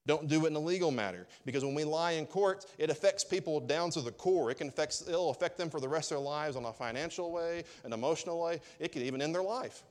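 A pastor preaching a sermon in a conversational, joking way, full of rhetorical questions to the congregation. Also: male voice, medium pitch, fairly quick, few pauses.

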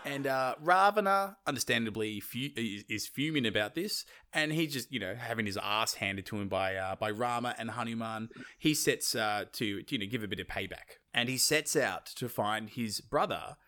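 A man's voice: medium pitch, moderate pace, hardly any pauses, pushed and bright. A man casually retelling an old myth as a podcast host, swearing freely and laughing often. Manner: laid-back, swears freely, laughs often, does mocking voices. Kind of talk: casual chat.

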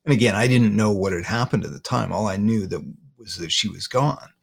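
A man, a guest in an interview, retelling a painful personal story haltingly, often repeating words. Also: lowish voice, vocal fry, slightly rough.

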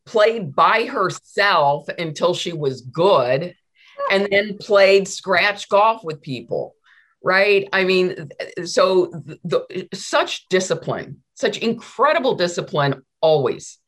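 A middle-aged woman, a law professor, telling stories in a conversational interview, animated and full of restarts. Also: fairly low pitch, slow. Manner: animated, many restarts and repeated words.

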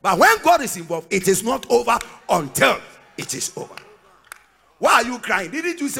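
A man with a Ghanaian accent preaching a sermon in church, breaking into shouts and sing-song cadences. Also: extremely high pitch, sing-song, normal speed, gravelly, breathy edge. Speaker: pastor.

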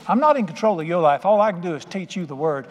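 A man's voice: high-pitched, expressive, quick pace, big-room sound, lo-fi sound. A middle-aged man preaching a sermon, telling stories in a folksy, emphatic way with plain colloquial speech. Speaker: pastor.

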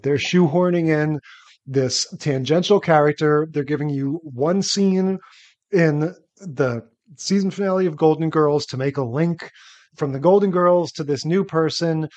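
A man's voice: a little high, a little mellow, highs cut off. Analytical man co-hosting a podcast. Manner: measured, analytical. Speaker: podcast co-host. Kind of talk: casual chat.

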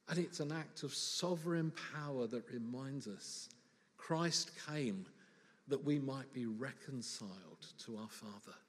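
A man's voice: medium pitch, big-room sound. A man preaching a sermon in church, conversational and humorous, full of rhetorical questions.

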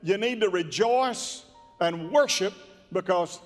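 Slow high-voiced preacher. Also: male voice, long reverb tail, soft background music. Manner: folksy, drawn-out emphatic preaching with acted-out amens. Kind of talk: sermon. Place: church sanctuary.

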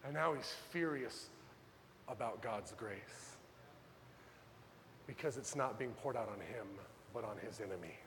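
A man preaching a sermon as pastor, dramatic, swinging from loud urgent pleas to hushed low lines. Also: unhurried, long pauses, big-room sound, a little hiss or hum.

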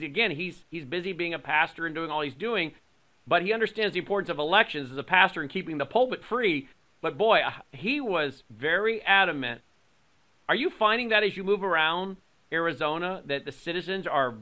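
A man's voice: a little high, pushed and bright. A man hosting an interview, chatty and anecdotal, talking loosely with fillers. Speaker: host. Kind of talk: conversational interviewing.

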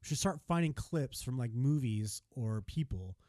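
A man's voice: mid-range voice, expressive, normal speed, dark tone, dry recording. An American man co-hosting a podcast in casual chat, rambling with lots of restarts and self-corrections. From United States. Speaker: podcast co-host.

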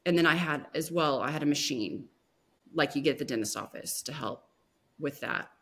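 A woman guest on a podcast, telling a personal story in a soft, emotional way with many pauses and restarts. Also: low-pitched.

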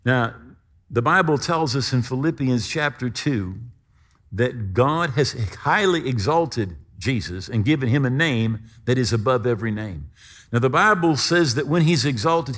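A man preaching a sermon, emphatic, with dramatic swings between loud stresses and quiet drops. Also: mid-range voice. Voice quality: lively, expressive intonation.

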